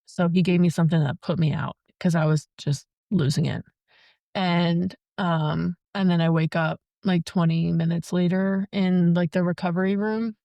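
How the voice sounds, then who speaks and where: A woman's voice: lowish voice, steady tone, normal speed, creaky, warm tone, no room sound. A young woman telling her story as a podcast guest in casual chat, full of "like" fillers. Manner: chatty, many "like" fillers.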